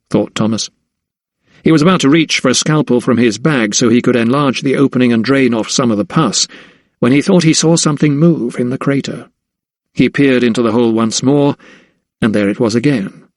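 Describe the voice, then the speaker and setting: Man, audiobook narration, measured storytelling, mid pitch, dry studio sound. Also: no echo. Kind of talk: scripted narration.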